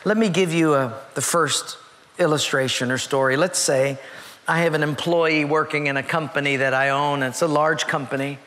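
Brief: male pastor, earnest storytelling sermon, forceful bright voice, long church reverb. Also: fairly high pitch, fairly even intonation, moderate pace. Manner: earnest, emphatic, repeats key words.

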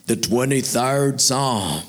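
A man playing a tall, lanky orator who recites in a slow, booming, Shakespearean manner. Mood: grandiose.

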